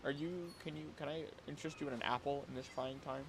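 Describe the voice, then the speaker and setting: A man's voice: mid-range voice, level tone, quick pace, gravelly, few pauses, a little hiss or hum. A young man streaming a game live, chatting playfully with his viewers and the creatures on screen. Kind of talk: live gameplay commentary.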